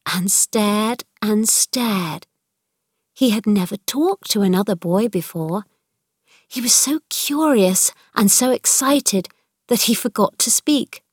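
A woman narrating a storybook chapter in a clear, measured reading voice. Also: medium pitch, no room sound, clean studio sound.

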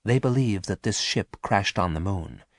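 A man plays a calm, quiet ship's operator, low and measured, close to his own low voice. The recording is dry and close, like a storybook audiobook. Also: no room sound.

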